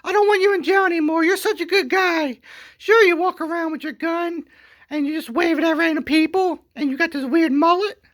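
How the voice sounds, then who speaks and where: A man voicing a scheming woman zoo owner in a shrill, whiny falsetto. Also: fairly even intonation, fairly quick, fairly bright tone. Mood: gushing.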